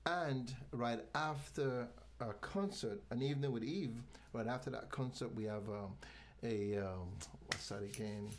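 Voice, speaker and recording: A man from Nigeria, a guest in a casual interview, talking in a halting way with frequent restarts. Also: mid-range voice, noisy background. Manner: halting, many restarts, promotional. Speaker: guest, venue owner.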